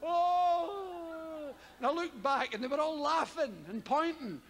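A Scottish man doing stand-up comedy, telling a story with heavy swearing and loud yelped sound effects. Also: extremely high pitch, fairly quick, a little hiss or hum. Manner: animated, profane, loud vocal sound effects. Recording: live hall with audience ambience.

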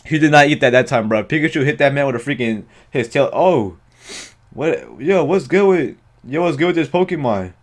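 A man hosting a live reaction video, giving excitable, slangy commentary full of exclamations and swearing. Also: a little high, normal speed.

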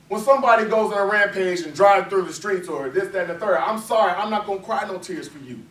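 High-voiced man lecturing in an echoey room. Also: fast talker, few pauses, fairly bright tone. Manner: emphatic, conversational, frequent rhetorical questions. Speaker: guest lecturer. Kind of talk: impassioned public lecture. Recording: echoey room, mic far off, faint ambience.

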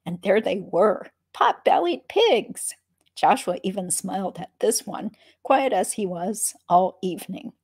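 A woman's voice: mid-range voice, moderate pace, few pauses, a little mellow, breathy edge. A woman reading a memoir aloud, breaking off for dry, wry asides between passages. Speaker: reader of a memoir.

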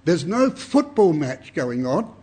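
A man's voice: on the high side, sing-song, slow pace, warm tone, breathy edge. An older man, giving an earnest, emphatic Bible sermon to a congregation and often repeating his words. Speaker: Bible speaker.

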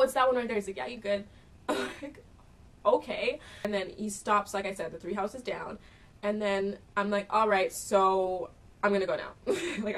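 Young woman vlogging a storytime, chatty and animated, sounds a bit far from the mic. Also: medium pitch. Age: young adult. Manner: chatty, animated retelling with quoted dialogue. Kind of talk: casual storytime vlog.

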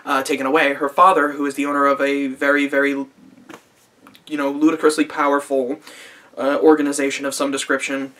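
A man's voice: mid-range voice, completely flat delivery, normal speed, sharp tone. A man in his twenties giving a casual, profane vlog review of a show, rambling with lots of fillers and dry sarcasm. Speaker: anime reviewer.

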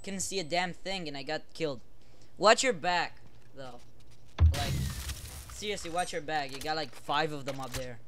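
A young man commenting casually on a game he plays with a friend, excitable and swearing, often bursting into shouts. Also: fairly high pitch, moderate pace, pauses often, noisy background. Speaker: gamer.

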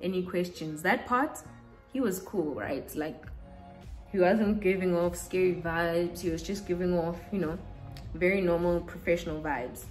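A young woman from Africa, chatting casually through a makeup routine and telling a story, animated and acting out what people said. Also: on the low side, unhurried, soft background music. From South Africa. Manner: chatty and animated, acts out quotes. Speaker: beauty vlogger.

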